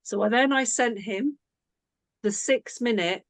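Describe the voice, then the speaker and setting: A woman's voice: a little high, a little slow, dry recording. A woman team coach talking casually to her team, telling a chatty story that she keeps interrupting with asides.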